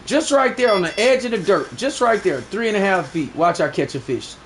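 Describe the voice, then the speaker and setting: High-voiced boastful streamer talking to chat. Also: male voice, expressive, brisk, fairly bright tone, slight background noise, rough recording. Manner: boastful, profane slang, talks to chat. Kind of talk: live gameplay commentary.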